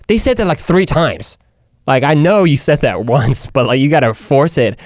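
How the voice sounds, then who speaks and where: A man's voice: medium pitch, animated, normal speed, no room sound, clean studio sound. Rambling young man joking casually. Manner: rambling, jokey, says "dude" and "like" often. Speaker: host. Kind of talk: casual comedic monologue.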